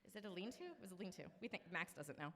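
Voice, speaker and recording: A woman's voice: lowish voice, big pitch swings, racing, fairly bright tone, in a large hall. A woman in her thirties from Maine, telling a personal story to a live audience in a chatty, self-deprecating way. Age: 30s. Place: live event venue.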